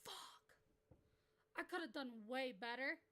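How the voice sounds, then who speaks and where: A woman streaming as a VTuber, chatting casually with her viewers, excitable and swearing freely with loud outbursts. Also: sits high, measured pace. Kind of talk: casual live-stream chat.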